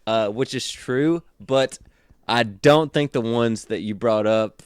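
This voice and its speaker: A man's voice: medium pitch, takes it slowly, clear, resonant tone, no echo. A man with a Southern US accent, co-hosting a podcast with casual, crude, joking banter. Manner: joking, teasing, laughs often. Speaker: podcast co-host.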